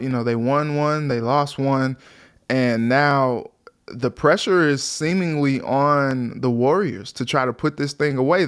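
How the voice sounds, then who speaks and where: A man's voice: fairly high pitch, smooth. A young man co-hosting a sports talk show, chatting casually and animatedly, often acting out what players might say. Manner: animated, acts out players' voices in quotes.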